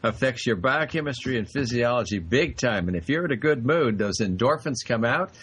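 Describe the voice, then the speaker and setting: A man's voice: mid-range voice, expressive, fairly quick, a bit bright, slight background noise. A man hosting a radio health call-in show as a doctor, explaining with confident authority.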